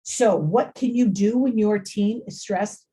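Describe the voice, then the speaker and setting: A middle-aged woman giving an informal talk to parents, lively and conversational, often acting out quoted lines and repeating phrases for emphasis. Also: medium pitch, unhurried. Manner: animated, acts out quoted voices, repeats phrases. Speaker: family engagement speaker.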